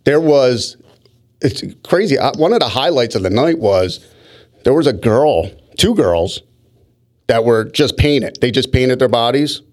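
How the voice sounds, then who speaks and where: A man's voice: medium pitch, unhurried. A man telling rambling stories in casual podcast chat, often restarting his sentences. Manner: rambling, animated storyteller with frequent restarts.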